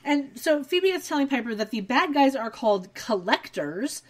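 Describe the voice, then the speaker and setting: A woman's voice: high voice, very animated, normal speed. A woman co-hosting a podcast, recapping a TV episode in casual chat with wry asides. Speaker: podcast co-host.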